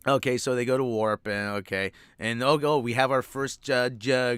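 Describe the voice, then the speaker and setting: A man's voice: mid-range voice, fairly even intonation, moderate pace, few pauses, a bit bright, clean tone, no echo, clean studio sound. A man ranting sarcastically and with profanity while reviewing a show, exasperated throughout. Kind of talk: ranting commentary.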